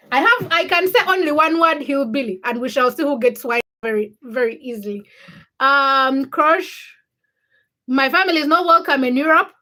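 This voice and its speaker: A woman's voice: high voice, normal speed, bright, forceful tone. A young woman from Uganda hosting a casual livestream, reading viewer comments by name and teasing them. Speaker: livestream host.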